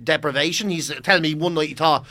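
Bright-voiced Irish man telling stories. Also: a little high, fast. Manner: animated storyteller who acts out other people's lines. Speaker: guest comedian. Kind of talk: casual chat.

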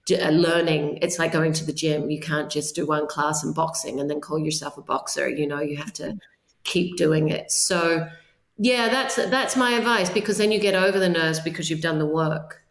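A woman's voice: deep voice, normal speed. A woman in her forties from New Zealand, with a New Zealand accent, speaking as an actor giving earnest advice in a casual interview, often restarting her phrases. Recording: roomy echo.

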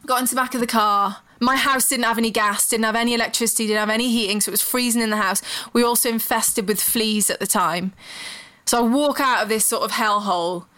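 A woman's voice: fairly high pitch, steady tone, fast talker, pushed and bright, dry recording. A woman, a writer, telling personal stories frankly and vividly as a podcast guest. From Britain. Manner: frank, earthy, vivid storyteller. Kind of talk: candid personal storytelling.

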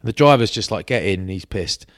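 A British man telling lively laddish stories in a casual podcast chat. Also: lowish voice, quick pace, no room sound, studio quality. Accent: British English. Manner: laddish banter, lively anecdotes with acted quotes. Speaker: podcast co-host.

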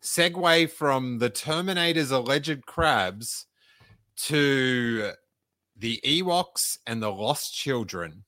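Give me a man who jokes and cuts in, with a crisp, dry close-miked sound. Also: medium pitch, animated, takes it slowly, bright, forceful tone, no echo. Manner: jokey, interrupting, bursts into silly voices. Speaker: podcast co-host. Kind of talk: casual chat.

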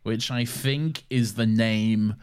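A man's voice: lowish voice, steady tone, takes it slowly, clean tone. A man co-hosting a casual podcast chat who rambles playfully and often loses his train of thought. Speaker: podcast co-host.

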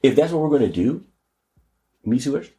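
A man riffs through the news as a podcast host. His pitch swings widely and he keeps breaking into high mocking voices. The talk is loose and full of slang. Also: very animated, normal speed, mellow. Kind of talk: casual comedic commentary.

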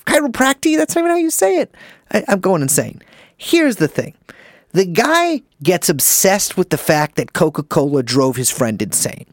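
A man's voice: on the high side, very animated, normal speed, no echo, studio quality. A man co-hosting a podcast in casual, rambling and profane chat, joking and restarting his sentences. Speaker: podcast co-host.

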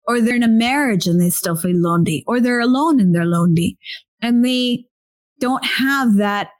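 A woman's voice: on the high side, normal speed. Effusive woman hosting a podcast. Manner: warm, effusive, repeats phrases. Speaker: podcast host. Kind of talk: casual podcast interview.

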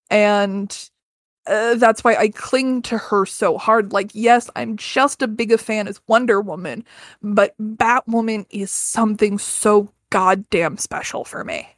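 A woman's voice: medium pitch, dry recording. Woman, 30s, podcast guest; candid, swears, lots of restarts; dry close sound. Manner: earnest and candid, swears freely, many restarts. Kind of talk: casual personal storytelling.

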